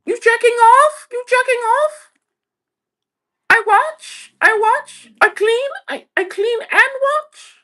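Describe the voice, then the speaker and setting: A fussy housekeeper: squeaky high falsetto, clipped repeated calls, unhurried. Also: male voice, sharp tone, full character voice. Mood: shrill fussy. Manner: repetitive, clipped broken phrases. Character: shrill fussy hotel housekeeper calling out.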